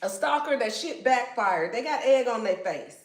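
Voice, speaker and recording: A woman's voice: fairly high pitch, lively intonation, moderate pace. A woman giving a casual tarot reading in a blunt, slangy way and swearing freely. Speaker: tarot reader. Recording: echoey room.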